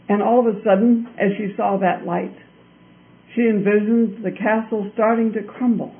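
A man tells a fairy tale in a high voice, deliberately and with a lot of repetition. The sound is tinny and narrow, like a phone line. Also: steady tone. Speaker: storyteller. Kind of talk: told fairy-tale narration.

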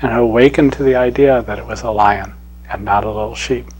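A man giving a spiritual talk as a teacher, telling a parable in an unhurried, gently chuckling way. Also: mid-range voice, breathy edge, poor audio.

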